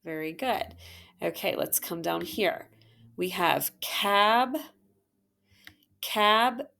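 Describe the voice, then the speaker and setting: A woman teacher walks a young learner through a phonics worksheet, sounding out each syllable with unhurried patience. Her voice sits low with a gravelly edge, and she speaks slowly and encouragingly. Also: animated, sharp tone, a little hiss or hum. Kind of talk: phonics lesson walkthrough.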